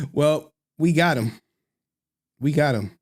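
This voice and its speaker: A man's voice: fairly high pitch, expressive, slow pace, husky. A man hosting a live stream, rambling casually, laughing often and groping for words. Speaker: livestream host.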